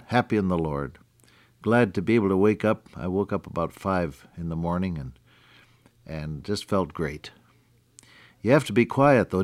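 Low-voiced guy teaching the bible on the radio, folksy, chuckles a lot, dry sound. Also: darkish tone, no echo.

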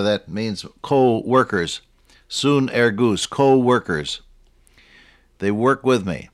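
A man's voice: lowish voice, no echo, clean studio sound. A man preaching a Bible teaching sermon in a conversational way, often asking his listeners rhetorical questions and chuckling at his own stories.

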